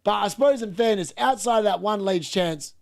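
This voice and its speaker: A man hosting a live football watchalong, chatting casually and reacting excitedly to the game. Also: sits high, brisk, vocal fry. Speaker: watchalong host.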